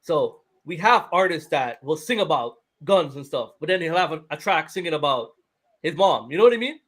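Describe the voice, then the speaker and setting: High-voiced man chatting. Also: normal speed. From Toronto, Canada. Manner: animated, repeats words when starting a thought. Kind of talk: casual chat.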